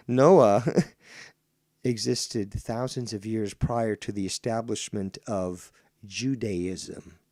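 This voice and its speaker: A man hosting a livestream and delivering an indignant, profane rant. He swears heavily, repeats lines for emphasis, and slows right down to hammer home key points. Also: fairly low pitch, darkish tone. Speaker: livestream host reading viewer comments. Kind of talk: profane ranting monologue.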